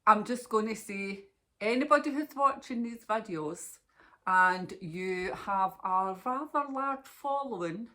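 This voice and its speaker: A woman's voice: medium pitch, animated, slow pace, sharp tone. A Scottish woman hosting a knitting podcast, chatting casually to camera in a rambling way and laughing often.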